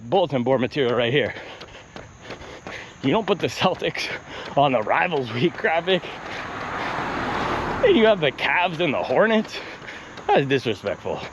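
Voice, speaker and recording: Animated man ranting mid-run. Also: fairly high pitch, background noise. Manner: animated, ranting, talks through pace math mid-run. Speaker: vlogger. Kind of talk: casual vlog rant while running. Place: outdoors on a run.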